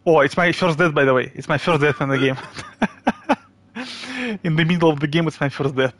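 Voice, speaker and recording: A man with a Russian accent chatting casually and haltingly with viewers while streaming a game. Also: fairly high pitch, fairly even intonation, a bit bright. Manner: chatty, halting, reads chat aloud and laughs often. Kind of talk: live game stream chat.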